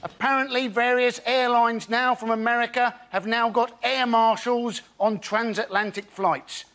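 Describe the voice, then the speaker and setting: A man's voice: very high-pitched, steady tone, a little slow, a bit bright. A man doing an observational stand-up routine with wry delivery. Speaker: stand-up comedian.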